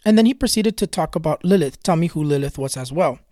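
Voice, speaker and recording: A man with a fairly high voice tells a personal eerie story in a casual, earnest way. He repeats himself to build suspense and keeps retelling what was said. The sound is dry and close. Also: lively intonation, quick pace, mellow, dry recording. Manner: earnest, retells dialogue with many "he goes" quotes. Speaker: spiritual storyteller and tarot reader.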